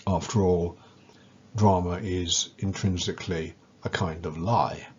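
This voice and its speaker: A man with a very low, slightly husky voice delivers a careful lecture at an unhurried pace. He speaks with measured weight and stresses the important words. The recording sounds a little dull and lo-fi. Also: steady tone, darkish tone. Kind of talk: scripted educational lecture.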